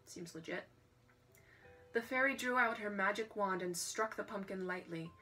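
A woman reads a storybook aloud in a relaxed, casual way, at a medium pitch. Faint music plays behind her as she drops quick, joking asides between passages. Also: rough recording.

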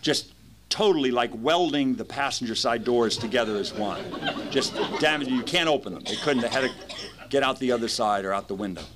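A man in his fifties telling his story at a recovery meeting, lively, acting out the voices of people in it. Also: mid-range voice, fairly quick, noisy background. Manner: animated storyteller, acts out quoted voices.

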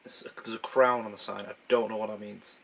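A man's voice: lowish voice, little pitch movement, fast, vocal fry. A young man thinking aloud in casual gameplay commentary, rambling and poking fun at himself. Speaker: gaming channel host.

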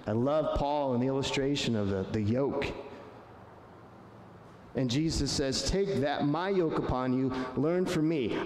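A man's voice: medium pitch, darkish tone, a little hiss or hum. Earnest man preaching in an echoey hall. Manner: earnest, conversational preaching with slow emphatic quotes. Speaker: pastor. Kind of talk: sermon. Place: church sanctuary. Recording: echoey hall, faint room ambience.

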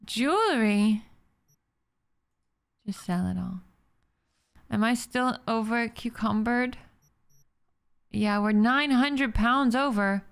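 A woman's voice: fairly high pitch, slow pace, creaky, pauses often, clean tone. A young woman streaming a video game, reacting emotionally and thinking aloud as she plays. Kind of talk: live gameplay commentary.

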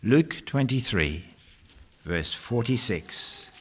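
A male pastor delivers a sermon at a very slow pace. His pitch swings widely, and he uses long, dramatic pauses and rhetorical questions. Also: animated, breathy edge.

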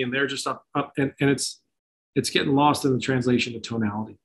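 A man's voice: mid-range voice, steady tone, a little fast, a little hiss or hum, poor audio. A middle-aged man giving an informal talk to parents, conversational, with many fillers and restarts. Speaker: speaker at a parent talk on kids and technology.

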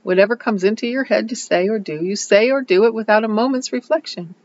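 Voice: mid-range voice, a little fast, highs cut off, slight background noise, voice pushed up, natural voice. A reader doing a gossipy old village woman. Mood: scolding. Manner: emphatic, scolding, repeats a pet phrase. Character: gossipy older woman neighbor, self-assured. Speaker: reader voicing a storybook character.

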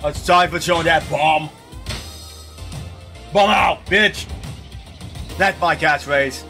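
A young man giving loud, cursing commentary over his own gameplay, raging and trash talking. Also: fairly high pitch, takes it slowly, faint music behind. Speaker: gaming streamer.

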